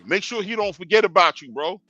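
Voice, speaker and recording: Young new guy on a boxing stream, bright forceful voice, bit high, slang everywhere, music under it. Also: expressive, brisk, no echo, dull audio. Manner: slangy, talks straight to fighters, chuckling asides. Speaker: boxing show host. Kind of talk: casual live-stream talk.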